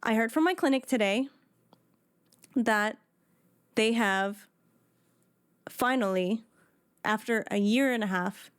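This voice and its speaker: Woman streamer in her thirties, excitable chatter, slightly high, smooth voice, dry sound. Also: slow pace, pauses often, dry recording. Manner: chatty and excitable, with frequent restarts. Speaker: game streamer. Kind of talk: casual live-stream chat.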